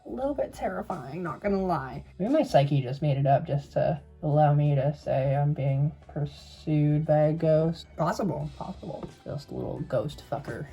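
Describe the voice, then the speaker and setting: A man's voice: fairly high pitch, moderate pace, creaky, few pauses, dark tone, breathy edge, highs cut off, soft background music. A young man in drag telling a spooky story to camera in a sassy, profane, dramatic way.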